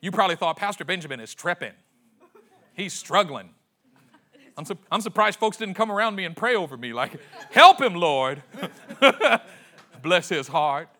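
A man in his forties preaching a sermon as pastor, impassioned and repetitive, swinging between hushed and loud. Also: high-pitched, very animated, moderate pace, long pauses. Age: 40s. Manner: repeats phrases for emphasis.

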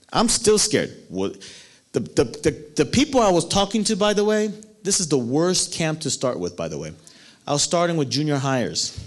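A man preaching a sermon, telling a personal story with animated delivery and acted-out voices. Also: high voice.

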